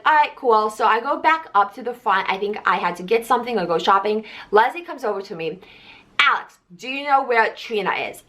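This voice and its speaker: Animated young woman telling a storytime. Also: medium pitch. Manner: animated, swears freely, acts out quoted coworkers. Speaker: vlogger. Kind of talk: casual storytime vlog.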